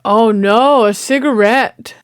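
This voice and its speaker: A woman whose voice is on the high side speaks slowly over a little hiss or hum. As a reaction video host, she chats casually and exclaims, talking back to the screen while reacting to a movie.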